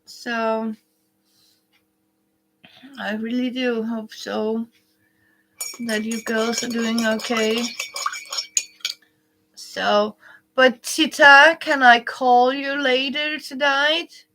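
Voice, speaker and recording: A woman hosting a casual home craft livestream, chatting with viewers in a rambling way with many restarts and soft whispered asides. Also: fairly high pitch, fairly even intonation, drawn-out words, long pauses. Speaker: quilting livestream host. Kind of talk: casual live chat with viewers. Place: indoors at home, living room.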